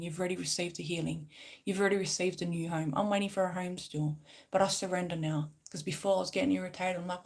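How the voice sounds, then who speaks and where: A woman in a casual spiritual vlog, talking emphatically and repetitively and swearing freely. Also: fairly low pitch. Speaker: spiritual vlogger. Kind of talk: casual spiritual pep talk.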